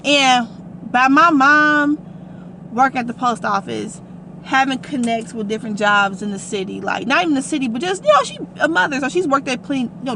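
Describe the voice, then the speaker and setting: A young adult woman telling a personal story to her vlog audience in a casual, animated and emphatic way. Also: high-pitched, a little hiss or hum. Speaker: vlogger.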